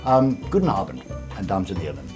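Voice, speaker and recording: A man's voice: low-pitched, wildly swooping pitch, quick pace, darkish tone, soft background music. A man hosting a casual live show from a small studio, reading out viewer comments with cheeky, rambling jokes. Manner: jokey, rambling, cheeky asides.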